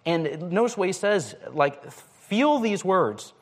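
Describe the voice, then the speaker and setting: Male preacher, slightly high-pitched, loose conversational delivery with lots of "like" and restarts. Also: big pitch swings, slow pace. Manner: casual, with frequent "like" and restarts. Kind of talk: conversational sermon.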